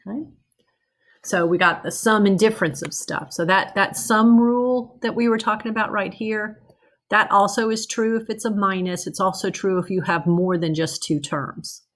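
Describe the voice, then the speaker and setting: A woman's voice: mid-range voice, fairly even intonation, moderate pace, fairly bright tone. A woman teaching math in a recorded lecture, working through problems in a conversational way, checking in with "okay?" and correcting herself as she goes.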